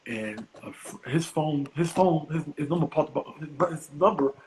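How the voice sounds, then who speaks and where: A middle-aged man, a comedian guest on a podcast, telling a story in an animated, profane way and acting out other people's voices. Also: on the high side, normal speed, noisy background.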